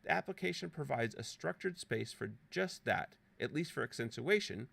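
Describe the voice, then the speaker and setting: A man's voice: medium pitch, lively intonation, moderate pace, vocal fry, fairly bright tone. A man presenting an app walkthrough as a scripted, playfully dramatic voice-over narration with theatrical exclamations. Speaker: presenter demonstrating a teaching app.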